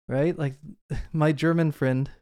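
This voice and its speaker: A man's voice: on the high side, fairly even intonation, slow, mellow, dry recording, clean studio sound. A man co-hosting a podcast, talking through a movie in a rambling, casual way with lots of asides. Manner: chatty, rambling with fillers and asides. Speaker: podcast co-host.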